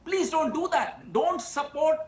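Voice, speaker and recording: A man's voice: very high-pitched, lively intonation, measured pace, reverberant, poor audio. A man with an Indian accent speaking as a political spokesperson in a TV news debate, impassioned and pleading. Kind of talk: TV debate panelist.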